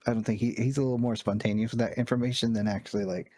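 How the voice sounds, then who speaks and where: A man's voice: lowish voice, fairly even intonation, very fast, warm tone, no echo. A man playing a tabletop game, chatting casually and thinking aloud. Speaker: player.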